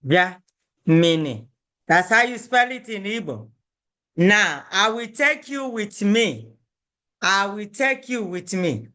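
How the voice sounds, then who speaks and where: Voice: medium pitch, lively intonation, slow pace, pushed and bright. An Igbo language teacher giving a lesson, patiently repeating each phrase and checking in with "okay?".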